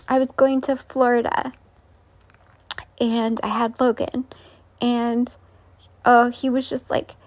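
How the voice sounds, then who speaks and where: Woman, casual storyteller, high voice, rambling, full of fillers. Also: a little mellow. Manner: rambling, many fillers and restarts. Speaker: vlogger.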